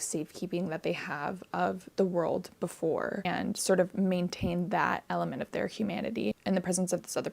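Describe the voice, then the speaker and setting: Woman doing a chatty book review vlog, kinda gravelly voice, thoughtful, says like a lot. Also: fairly low pitch, a little mellow. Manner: earnest and reflective, heavy use of "like".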